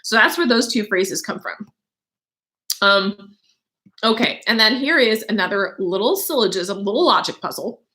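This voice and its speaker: A woman's voice: mid-range voice, expressive, normal speed, sharp tone. A young adult woman teacher reading a story aloud and stopping to explain words in a chatty way, with many fillers and asides.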